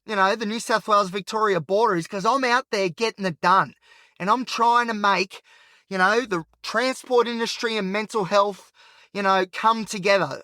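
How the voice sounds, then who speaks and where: A man's voice: sits high, sharp tone, no room sound. An anxious, agitated Australian man hosting a podcast, rambling frankly in a solo talk while he drives at night. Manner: rambling and frank, heavy on filler. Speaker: podcast host. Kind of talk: candid solo monologue while driving. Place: inside a car at night.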